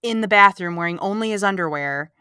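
On a relaxed movie podcast, a female co-host recaps the plot with animated sarcasm and small put-on character lines. Her medium-pitched voice is bright, forward and clean, moving a little fast. The recording is dry and close, with no room sound around it.

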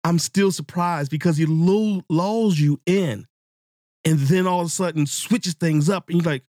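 A man hosting a casual book-discussion podcast, talking to his listeners in a rambling, excitable way and swearing freely. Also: on the high side, measured pace, no room sound, clean studio sound. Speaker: podcast host.

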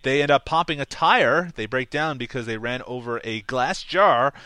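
A man's voice: mid-range voice, normal speed, bright, forceful tone, smooth, dry recording. A man co-hosting a casual movie podcast, recapping scenes and laughing often. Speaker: podcast co-host. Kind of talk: casual movie-review chat.

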